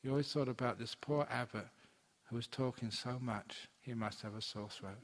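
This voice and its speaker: A man's voice: mid-range voice, normal speed. A man, a Buddhist monk, telling a teaching story to an audience in a chatty way and acting out the characters. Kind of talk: dharma talk storytelling. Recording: long hall reverb.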